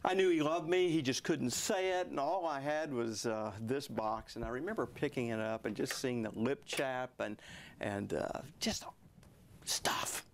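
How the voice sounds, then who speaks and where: A man in his sixties, a guest author telling a personal story in a television interview, earnest and at times dropping to hushed tones. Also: medium pitch, moderate pace, a little hiss or hum.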